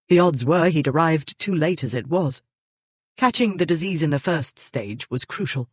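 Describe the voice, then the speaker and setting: A measured audiobook narrator of middling pitch, reading in a steady, even storytelling voice. The sound is dry and close, with no room around it. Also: breathy edge, no room sound. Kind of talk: scripted narration.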